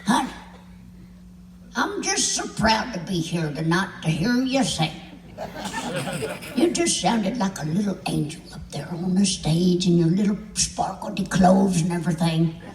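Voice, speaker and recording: A woman's voice: lowish voice, lively intonation, measured pace, a little mellow, reverberant, in a large hall, recorded from a distance. A woman voicing a sweet, tiny old lady fan who gushes fondly in a folksy way, told on a live stage. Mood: gushing. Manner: gushing, fond, folksy.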